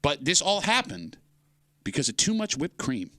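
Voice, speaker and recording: A male radio host with a bright, fairly high voice that swings up and down as he tells a story. He talks close to a studio microphone, dry and in front, and keeps the banter rolling with playful asides. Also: wildly swooping pitch, moderate pace, no room sound.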